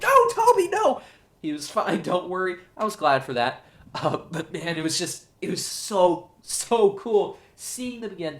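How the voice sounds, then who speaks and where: A man hosting his own show, giving an excited, gushing solo movie review. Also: fairly high pitch. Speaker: show host, film reviewer.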